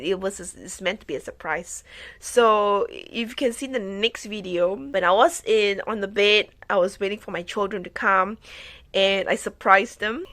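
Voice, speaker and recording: A woman's voice: medium pitch, fairly bright tone, dry recording. A woman vlogger and mother chatting casually in a rambling story-time vlog, with many restarts and fillers.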